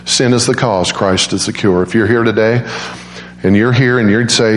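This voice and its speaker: A middle-aged man preaching an evangelistic sermon, telling an emotional story with passion and climbing high at its peaks. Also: normal speed. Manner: impassioned storytelling, rising high when acting out emotional quotes.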